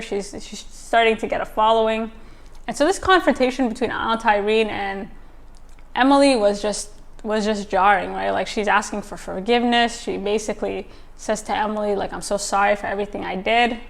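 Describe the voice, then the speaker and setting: A woman hosts a casual TV episode review, speaking in a slightly high voice. She talks in a loose, chatty way, full of fillers and quick asides. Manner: chatty, filler-heavy, exclaims. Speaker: TV recap host.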